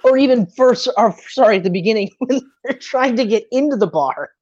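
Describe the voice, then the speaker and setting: A woman's voice: fairly high pitch, animated, fairly quick, a little mellow. Woman gabbing about a movie, lots of laughing and swearing, voice jumps all over, kinda muffled lo-fi audio. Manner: laughs often, swears freely, acts out lines from scenes. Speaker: movie fan chatting with a friend. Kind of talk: casual chat. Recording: slightly dull lo-fi recording.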